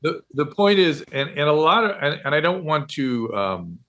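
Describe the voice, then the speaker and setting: A middle-aged man, a doctor co-hosting a podcast, explaining medical matters in a measured, clinical way. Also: on the high side, sing-song, a bit bright. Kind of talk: explanatory casual chat.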